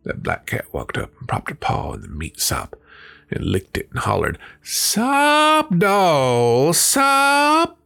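Husky, gravelly folktale-telling man. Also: extremely low pitch, normal speed. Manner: folksy, lively storyteller. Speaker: folklore podcast host. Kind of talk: folktale storytelling and book review.

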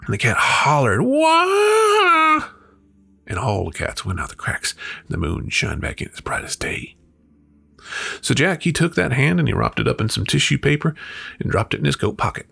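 Gravelly husky guy telling old mountain folktales, lively up and down delivery, faint music. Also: mid-range voice, fairly quick. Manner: folksy, lively storyteller. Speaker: folklore podcast host. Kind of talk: folktale storytelling and book review.

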